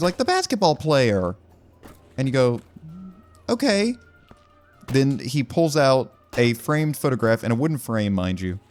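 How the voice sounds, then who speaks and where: A man's voice: lowish voice, a little mellow. A young man doing casual gameplay commentary, telling rambling, wry stories with lots of fillers. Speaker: gaming video creator.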